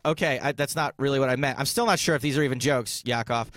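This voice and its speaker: A man's voice: mid-range voice, a bit bright. A male radio host bantering in a casual, upbeat, joking way. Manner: upbeat, joking, quick-talking.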